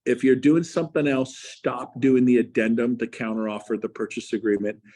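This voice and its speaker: A man's voice: medium pitch, level tone, moderate pace, dark tone. A man, a real estate coach, giving an emphatic motivational speech to agents and firing rhetorical questions at them. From Texas.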